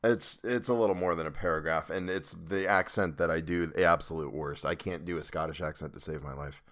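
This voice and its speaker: A man's voice: sits low, fairly even intonation, fairly quick, a bit bright. A man reading a classic novel aloud in a home recording studio, swearing and grumbling at his own mistakes. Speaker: audiobook co-narrator. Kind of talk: reading aloud and bantering between takes.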